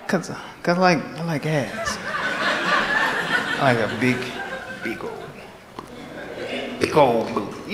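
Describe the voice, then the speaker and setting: A male stand-up comedian from Texas, performing an animated routine and laughing at his own jokes on a comedy club stage. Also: fairly high pitch, measured pace, pauses often. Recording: echoey club hall with crowd. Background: audience laughter.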